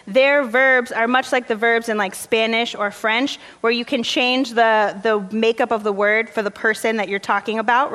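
A woman pastor preaching a sermon, telling stories in a conversational way with casual fillers. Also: fairly high pitch. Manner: conversational storytelling, relaxed fillers. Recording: long hall reverb.

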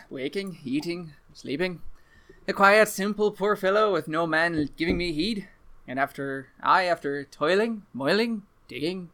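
A young Irish country lad tells his tale in a high, rolling brogue, as a man puts on the accent. His reading is dramatic and theatrical, with every phrase drawn out. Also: pushed and bright. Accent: put-on Irish. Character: young rural Irish man boasting of his brutal father.

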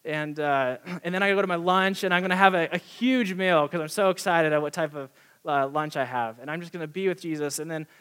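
A man's voice: fairly high pitch, a little fast, fairly bright tone, smooth. A young man giving a casual, earnest sermon, full of fillers and little acted-out conversations. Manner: earnest, chatty, many "like" fillers and acted-out dialogue. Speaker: youth pastor preaching.

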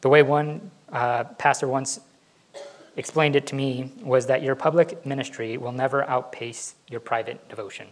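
A man's voice: medium pitch, fairly even intonation, moderate pace, poor audio. A male pastor giving a conversational sermon, laughing now and then and acting out what his kids say. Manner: conversational, laughs often, acts out kids' voices.

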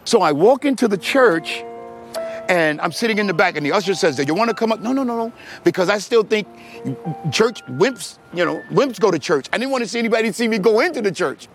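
A man's voice: sits high, expressive, brisk. A middle-aged man preaching his testimony, telling the story with animation and acting out the voices. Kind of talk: sermon testimony. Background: music.

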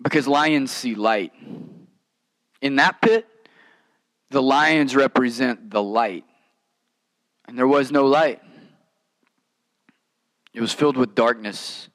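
A man preaching a sermon in a conversational, animated way, with casual asides. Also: mid-range voice, takes it slowly, pauses often, poor audio. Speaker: pastor.

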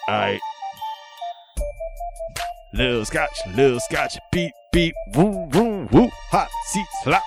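A man's voice: mid-range voice, very animated, moderate pace, gravelly, long pauses, over music. A man voicing a swaggering male rapper with a pet cat, rambling boastfully and throwing in meows. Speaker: podcast co-host. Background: loud hip hop beat.

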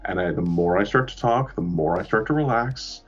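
A man's voice: on the low side, normal speed, breathy edge, lo-fi sound, faint music behind. A man casually telling a long, rambling, profane story about his trip, poking fun at himself. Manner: rambling, profane, self-mocking. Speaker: podcast co-host.

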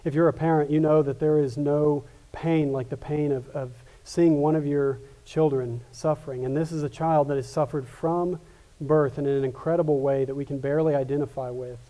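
A male pastor delivers a sermon in an earnest, conversational way, often doubling back on his words. His voice sits a little high for a man. It has a warm, mellow tone. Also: fairly even intonation, moderate pace. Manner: earnest, with frequent restarts and repetitions.

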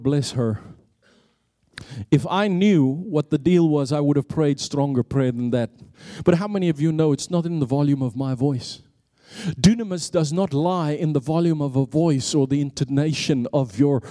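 A middle-aged man from South Africa preaching a sermon, telling a story and building to excited peaks before dropping into a hushed prayer. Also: a little high, dry recording, clean studio sound.

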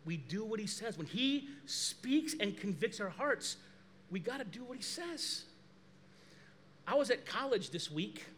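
A man preaching a sermon as pastor, lively and animated, acting out quoted dialogue. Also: high-pitched, slight background noise.

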